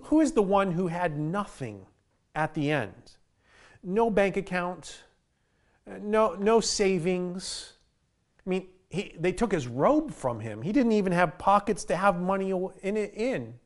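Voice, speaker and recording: A man preaching a sermon as pastor, earnest and often repeating the first word of a phrase. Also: high voice. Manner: earnest, repeats words when starting phrases.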